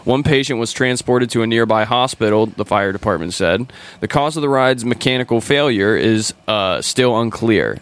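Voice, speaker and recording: A man hosting a casual podcast, reading news stories aloud at a steady pace and fixing his slips. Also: on the low side, normal speed, clear, resonant tone. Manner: reads steadily, corrects himself. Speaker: podcast host.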